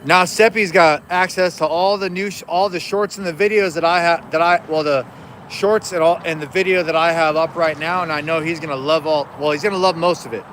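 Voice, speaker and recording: A man with a fairly high, fairly bright voice talks casually on a live stream, steady in tone and fairly quick. He rambles, jokes, and keeps interrupting himself mid-sentence, with a little hiss or hum in the audio.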